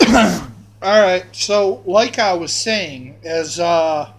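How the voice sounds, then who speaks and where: A man's voice: high-pitched, drawn-out words, rough recording. A man telling a crude personal story on a vlog, rambling and meandering with many fillers and restarts.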